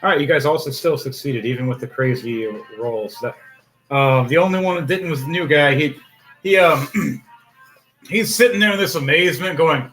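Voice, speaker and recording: A man narrating as game master of a tabletop game, excitable, swearing and laughing often. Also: on the high side, normal speed, faint music behind.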